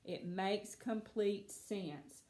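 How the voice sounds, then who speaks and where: A woman teaching a phonics lesson to children, patient and encouraging, speaking slowly and clearly. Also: mid-range voice, darkish tone, echoey room.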